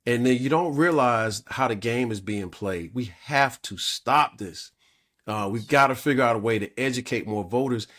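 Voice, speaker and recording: A man's voice: medium pitch, normal speed, a bit bright. A man co-hosting a community talk show, speaking in an earnest, persuasive way and often checking in with "all right?". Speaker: co-host. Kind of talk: talk radio discussion.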